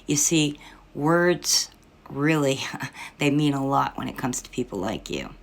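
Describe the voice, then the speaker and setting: A woman's voice: rumbling low, lively intonation, measured pace. A middle-aged woman giving critical reaction commentary, scornful and lecturing in a sarcastic tone. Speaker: social media commentator.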